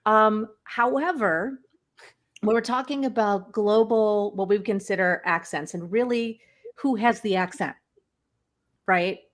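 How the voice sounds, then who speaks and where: An energetic American woman explains vocal technique as a guest on an online show. She talks quickly and keeps her points flowing, and her voice sits at a medium pitch for a woman. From United States. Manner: quick, energetic, self-described fire hose. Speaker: guest voice and speaking coach. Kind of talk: conversational expert explanation.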